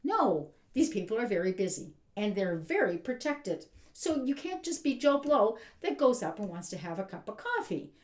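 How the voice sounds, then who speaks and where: A woman's voice: medium pitch, big pitch swings, normal speed, hardly any pauses. A woman giving an exasperated, emphatic rant as a vlogger. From Canada. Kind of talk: ranting commentary. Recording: roomy echo.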